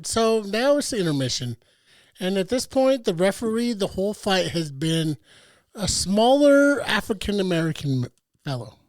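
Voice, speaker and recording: A man's voice: high-pitched, big pitch swings, moderate pace, no room sound. A young adult man co-hosting a podcast in casual chat, wry and teasing, swearing freely. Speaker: podcast co-host.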